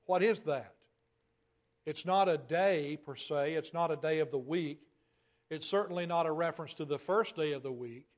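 Man preaching in a slightly high voice. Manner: measured, emphatic preaching with slowed stresses. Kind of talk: sermon.

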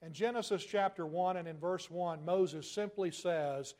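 A man preaching a sermon, asking rhetorical questions and slowing down to stress key phrases. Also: high voice, darkish tone.

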